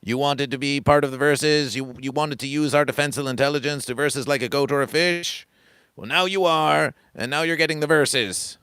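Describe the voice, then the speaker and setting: Male livestream host, grandiose repetitive sermon cadence, bright tone, dry close mic. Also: on the high side, normal speed, clear, resonant tone, no room sound. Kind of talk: rambling comic livestream monologue.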